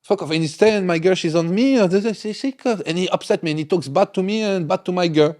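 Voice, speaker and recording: A man from France with a French accent, a native French speaker, telling animated stories about prison in broken English in a casual podcast conversation. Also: sits high, fast. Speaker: guest.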